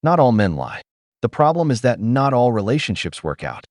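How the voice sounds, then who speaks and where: A man's voice: mid-range voice, big pitch swings, moderate pace, darkish tone, no room sound, studio quality, soft background music. A man hosting a commentary video, blunt and opinionated in his reactions. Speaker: commentary host.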